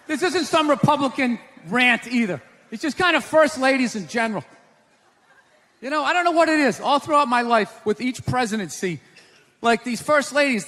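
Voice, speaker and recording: A male stand-up comedian doing a brash set, shouting and talking to the crowd. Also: very high-pitched. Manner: brash, shouting, talks to the audience. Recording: live room with crowd and noise.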